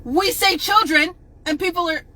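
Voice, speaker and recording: A woman on a livestream, angrily ranting to viewers, swearing and often shouting. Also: extremely high pitch, normal speed, poor audio. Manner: angry, profane, repeatedly shouting at viewers. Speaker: advocate on a livestream. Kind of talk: impassioned livestream rant.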